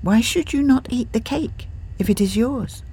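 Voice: mid-range voice, normal speed, warm tone, husky, pitched above the performer's own voice. A narrator voicing a young warrior woman who speaks formally without contractions and asks blunt, literal questions. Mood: suspicious.

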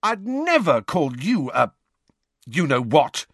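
A man's voice: on the high side, very animated, takes it slowly, husky, no room sound, studio quality, voice pushed up, full character voice. A man doing a cocky, hot-headed schoolboy. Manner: brash, yelping shouts.

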